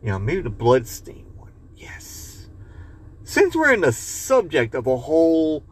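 A man's voice: on the high side, huge pitch swings, a little slow, husky. A man hosting a podcast in casual chat, rambling loosely, swearing and reading a joke aloud. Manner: rambling, loose, swears and laughs at own jokes. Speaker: podcast host.

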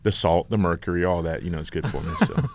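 A man's voice: sits low, fast, darkish tone, slight background noise. A man co-hosting a podcast, chatting casually and telling rambling stories with frequent restarts. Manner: rambling, self-interrupting storyteller. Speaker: podcast co-host. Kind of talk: casual chat.

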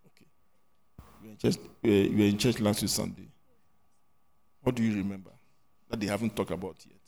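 A man teaching a church class, quizzing children and scolding them in an animated, loud questioning manner. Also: lowish voice, brisk, vocal fry. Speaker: Sunday school teacher.

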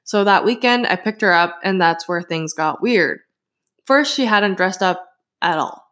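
A woman's voice: on the low side, expressive, a little slow, fairly bright tone. Chatty woman podcast co-host. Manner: laughs often, reads listener stories aloud with asides. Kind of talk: casual chat and story reading.

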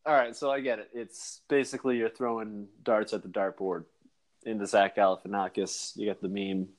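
A man's voice: lowish voice, level tone, moderate pace. A young man co-hosting a podcast in casual sports chat, teasing and sarcastic, swearing freely. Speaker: podcast co-host.

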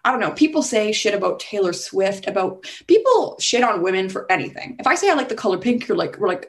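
A woman's voice: medium pitch, sing-song, fast, few pauses. A young adult woman talking as a podcast guest in a casual interview, chatty and full of "like", acting out the voices she quotes. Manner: chatty, heavy use of "like", acts out quoted voices.

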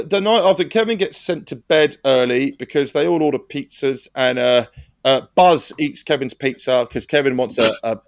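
A man's voice: on the high side, no echo, studio quality. A man co-hosting a podcast, chatting casually with swearing and jokey banter. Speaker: podcast co-host. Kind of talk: casual chat. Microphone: podcast mic.

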